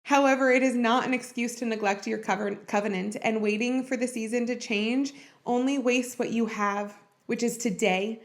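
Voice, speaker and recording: Woman, podcast host, slightly high voice, earnest, heartfelt, encouraging, personal faith talk. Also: fairly even intonation, normal speed.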